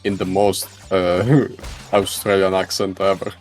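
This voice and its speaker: A man's voice: low-pitched, level tone, unhurried, darkish tone, faint music behind. A man chatting casually as a co-commentator on a speedrun, joking and opinionated in friendly banter. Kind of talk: casual chat over gameplay.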